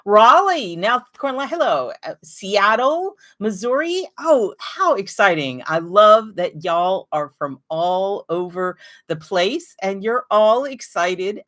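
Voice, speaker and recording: A woman's voice: mid-range voice, big pitch swings, takes it slowly, fairly bright tone. A woman hosting a knitting live stream, chatting casually and greeting viewers by name and place.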